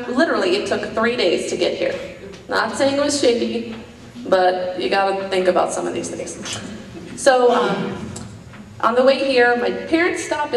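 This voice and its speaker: A woman doing a stand-up set in an ordinary mid-range voice, rambling through a story with frequent "um"s and chuckles at her own jokes. She is caught from a distance, in a roomy, echoing space. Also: mid-range voice. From New York. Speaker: stand-up comic.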